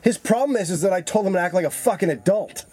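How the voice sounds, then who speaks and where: A man's voice: high voice, animated, fast talker, dark tone, slightly rough. A man co-hosting a podcast, riffing in casual, profane banter with mock-aggressive bluster. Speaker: podcast co-host.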